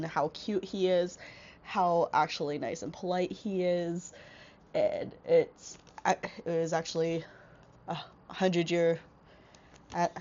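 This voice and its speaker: Congested from a cold, a young vlogger chats through a casual book haul, rambling and restarting with lots of filler words. Her voice is on the low side with a darkish tone, and her small wireless clip-on mic cuts off the highs.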